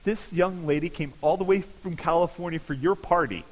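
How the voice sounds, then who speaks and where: A man quoting an eager elderly woman who wants to introduce her son, speaking quietly during a sermon story. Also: fairly high pitch, normal speed, close to an everyday voice, rough recording.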